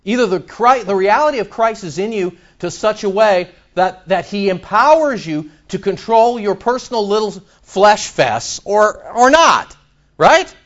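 A male pastor preaching in a church. He is animated, with sudden loud outbursts and mock back-and-forth dialogue. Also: sits high, measured pace, highs cut off. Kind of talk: sermon.

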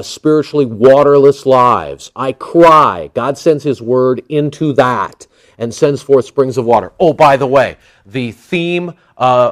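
A man teaching from the Bible in a sermon, animated and joking, acting out the people he quotes. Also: medium pitch. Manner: animated, jokey, acts out quoted voices. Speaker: preacher.

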